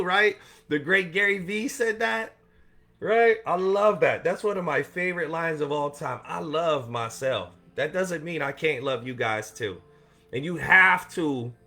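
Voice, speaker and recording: A man hosting a casual motivational live stream for veterans, rambling and joking in an upbeat, encouraging way. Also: on the high side. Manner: warm and encouraging toward viewers. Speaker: coach and host of a weekly live show for veterans.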